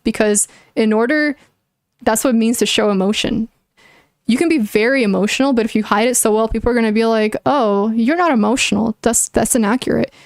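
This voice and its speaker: Her voice is medium-pitched and darkish, captured at studio quality with no echo. She's a young woman on a livestream, chatting casually with viewers and answering them, thinking aloud earnestly and opinionatedly with frequent "likes" and restarts.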